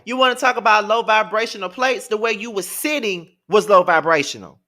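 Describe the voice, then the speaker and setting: A man's voice: sits high, fairly quick, sharp tone. A man giving a casual rant as a commentator, sassy, profane and emphatic.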